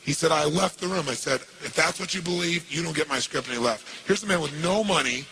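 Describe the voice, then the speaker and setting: A man speaking as a motivational speaker, telling a story in an animated way and throwing rhetorical questions at his audience. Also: a little high, fast, few pauses, slight background noise. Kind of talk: storytelling talk. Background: music.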